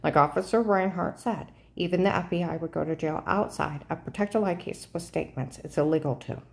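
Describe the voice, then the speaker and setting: In an urgent monologue aimed at the camera, a woman vlogger presses her point, often tacking on "okay?" as her pitch shoots up sharply in moments of agitation. She talks fairly quickly, with vocal fry.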